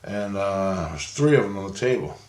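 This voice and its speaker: A man's voice: low-pitched, animated, moderate pace, a little mellow, a little hiss or hum. A middle-aged man casually telling a long story in a rambling way, chuckling often and raising his voice for the people he quotes. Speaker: storyteller recounting visions. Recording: roomy, echoey room sound.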